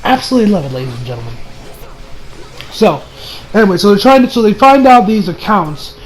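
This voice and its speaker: A young man giving a casual, excitable anime review, swearing and laughing often. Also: high voice, a little fast, faint music behind.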